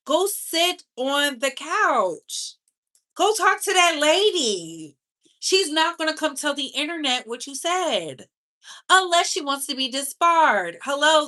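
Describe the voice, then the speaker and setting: Chatting casually on a live stream, this woman keeps the celebrity gossip flowing in a sassy, talkative way. Her voice is bright, sharp, and a little high, and she alternates between dragging words out and racing through them for emphasis.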